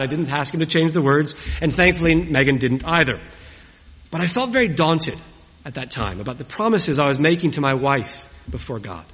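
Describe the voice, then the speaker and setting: Preacher with a lively, husky voice. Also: male voice, on the high side. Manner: warm, humorous, storytelling delivery. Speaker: preacher at a wedding. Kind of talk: wedding sermon. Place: church. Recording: dull recording with long church reverb.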